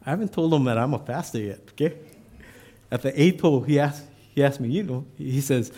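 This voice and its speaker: A man's voice: mid-range voice, a little fast, mellow. A man, an assistant pastor, telling a personal story in a sermon with self-deprecating humor.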